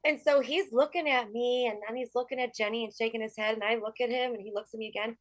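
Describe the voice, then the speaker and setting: A woman guest telling a story in casual chat, animated, full of "like" and swearing. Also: on the high side, fast, dry recording.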